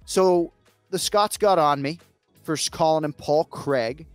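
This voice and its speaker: An American man hosting a casual sports betting chat, chatty and self-mocking with quick asides. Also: a little high, no echo, soft background music. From United States. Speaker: host.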